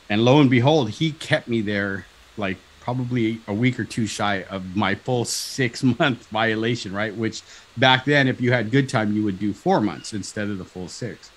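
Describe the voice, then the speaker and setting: Appearing on a talk show, a man in his fifties from Southern California shares a story from his own life in a lively way, playing out the dialogue and repeatedly asking "right?" His pitch is fairly low, his pace moderate, and the recording is low quality.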